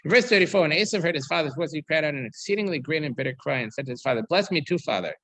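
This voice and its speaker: A man's voice: fairly high pitch, lively intonation, very fast, a bit bright, dry recording, poor audio. A man, a rabbi, teaching a weekly Torah class, reading verses aloud and explaining them while he thinks aloud with many ums and restarts.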